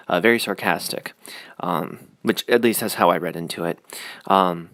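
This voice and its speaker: A man's voice: low-pitched, moderate pace, a bit bright, no room sound. A man rambling through a casual opinion vlog, full of fillers and sarcastic asides. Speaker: YouTube commentator.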